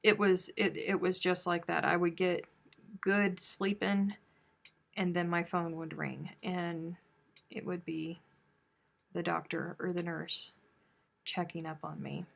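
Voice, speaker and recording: A woman hosting a crochet live stream, chatting casually with viewers and reading out their comments, with sudden loud animated outbursts. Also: lowish voice, takes it slowly, gravelly, long pauses. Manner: chatty, reads and answers viewer chat; animated, bursts into loud exclamations.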